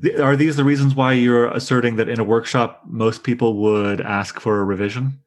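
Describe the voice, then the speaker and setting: A man leading a poetry discussion, thoughtful, reading lines of verse aloud slowly. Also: mid-range voice, fairly even intonation. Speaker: discussion leader.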